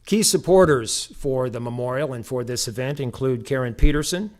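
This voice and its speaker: A man's voice: medium pitch, moderate pace. Solemn man reading names. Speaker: master of ceremonies. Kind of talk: formal ceremony address.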